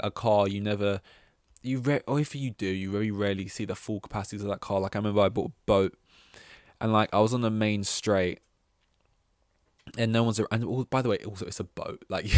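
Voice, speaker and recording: A man's voice: lowish voice, dry recording, studio quality. A young man from England rambling casually on a solo podcast, often cutting himself off mid-thought. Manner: meandering, self-interrupting, casual. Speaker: podcast host.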